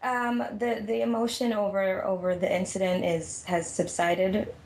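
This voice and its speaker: Low gravelly nervous lady lying down, flat voice, echoey room. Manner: halting, repeats words. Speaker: caller. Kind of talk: emotional phone conversation. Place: lying down at home.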